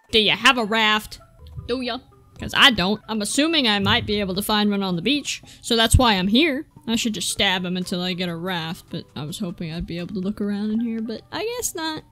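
A woman's voice: medium pitch, lively intonation, normal speed, sharp tone, soft background music. A woman giving casual, profane, exasperated commentary while playing a video game, talking back at the characters on screen. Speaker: let's play gamer. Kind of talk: gameplay commentary.

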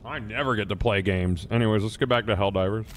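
A man's voice: on the low side, fast. A man hosting a game stream, joking playfully and talking to his chat. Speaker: streamer host. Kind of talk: casual gaming chat.

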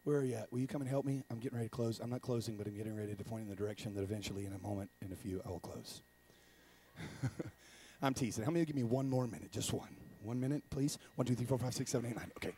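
A man preaching in a church as a traveling evangelist, telling comic stories with acted-out voices and sudden shouted bursts. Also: medium pitch, very fast, breathy edge. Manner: animated, acts out voices with loud shouted bursts and laughter. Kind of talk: comedic sermon storytelling.

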